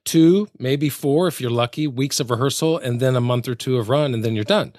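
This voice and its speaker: A man's voice: mid-range voice, a little fast, darkish tone, dry recording, clean studio sound. A man hosting a casual interview, speaking in an earnest, reflective way and drawing on his own stage experience. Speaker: host.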